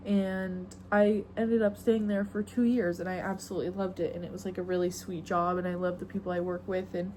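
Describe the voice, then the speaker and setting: A woman's voice: fairly low pitch, level tone, a little fast, few pauses, a little mellow, slight background noise, low-quality recording. A young woman hosting a podcast alone, chatting in a rambling, slangy, self-mocking way into a phone camera. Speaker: podcast host. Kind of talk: casual solo chat.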